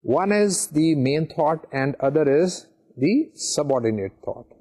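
A man's voice: fairly high pitch, lively intonation, measured pace, mellow, rough recording. A man from Pakistan with a Pakistani accent, giving a recorded university lecture and explaining step by step with examples and frequent fillers.

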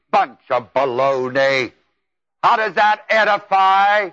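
A man's voice: fairly high pitch, animated, a little slow, bright, forceful tone. A man preaching a sermon in a folksy, emphatic way, with exclamations. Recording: dull lo-fi tape.

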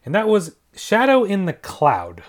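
A man's voice: sits high, huge pitch swings, unhurried. A man casually reviewing movies in a rambling, offhand way, full of fillers and restarts. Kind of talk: casual movie ranking talk.

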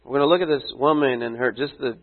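A man's voice: medium pitch, fast talker. A man preaching a sermon in a casual, conversational way, full of asides and rhetorical questions. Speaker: pastor. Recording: tinny phone-like sound.

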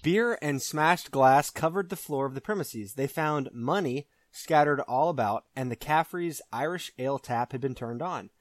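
A man's voice: mid-range voice, normal speed, hardly any pauses, no room sound, studio quality. A man hosting a casual quiz, reading strange news articles aloud in a wry, mock-formal way. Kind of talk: casual podcast banter.

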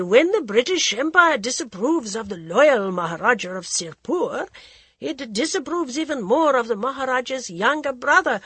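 A woman's voice: sits high, fairly bright tone, husky, dry recording, pitched above the performer's own voice, exaggerated voice. A woman voicing a mocking, aloof young prince who speaks in a cool, condescending way.

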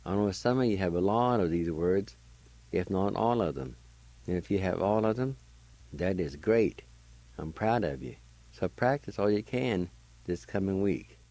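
Older male radio host, very low mellow voice, slow careful pace, spells and repeats words for learners. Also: lively intonation, no room sound, low-quality recording. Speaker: radio host teaching language. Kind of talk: slow, deliberate language lesson.

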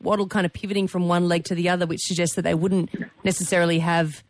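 A woman's voice: lowish voice, quick pace, dry recording. Laughing woman radio host. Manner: lively, laughs easily. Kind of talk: call-in radio hosting. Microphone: studio microphone.

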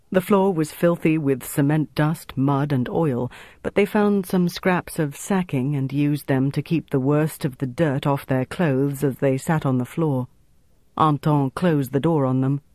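Male audiobook narrator, slightly high voice, steady measured pace. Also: no room sound.

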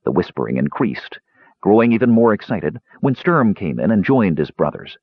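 A man narrating a fantasy novel in measured, expressive storytelling. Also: deep voice, slightly rough, no room sound, lo-fi sound. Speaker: audiobook narrator. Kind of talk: scripted narration.

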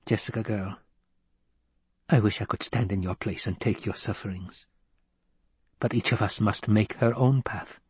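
A man's voice: mid-range voice, lively intonation, moderate pace, slightly rough, no echo. A man voicing a stern, domineering old woman elder in an audiobook reading, with a commanding, clipped manner. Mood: gentle. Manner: commanding and clipped, softening at times.

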